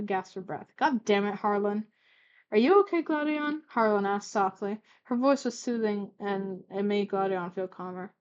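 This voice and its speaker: A woman's voice: medium pitch, highs cut off. A young woman casually reading her own old fanfic aloud, stuttering and stumbling with fillers and self-corrections, and commenting along the way.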